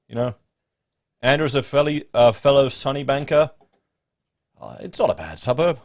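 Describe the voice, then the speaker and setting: Rambling and chatting away to his viewers, an Australian livestream host speaks at a moderate pace with a medium pitch and some vocal fry. The podcast studio mic gives a close, dry sound with no echo.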